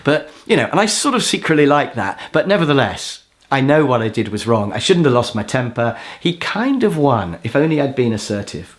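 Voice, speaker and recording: A man teaching a course, telling a personal story in a self-mocking, animated way and acting out what people said. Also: medium pitch, a little fast, few pauses. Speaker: course instructor. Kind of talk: storytelling lesson.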